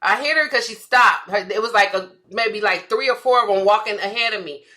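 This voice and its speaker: Lively, bright-voiced woman telling stories. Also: medium pitch, fairly quick. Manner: animated storytelling, laughs often, acts out quotes. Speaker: podcast co-host, comedian. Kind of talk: casual chat.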